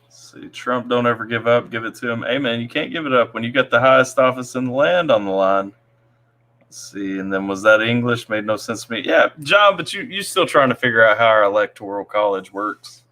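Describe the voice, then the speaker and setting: Laid-back bright-voiced stream host. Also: male voice, medium pitch, fairly quick. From Tennessee. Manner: reads viewer comments aloud, laid-back. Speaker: livestream host. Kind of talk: casual live stream chat.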